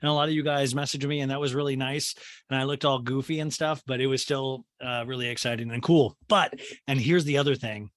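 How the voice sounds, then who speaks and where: A man's voice: medium pitch, fairly even intonation, brisk, dry recording. A man hosting a comedy podcast, recapping a reality show in a rambling, profane, joking way. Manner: rambling, profane, jokey asides and impressions. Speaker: podcast host.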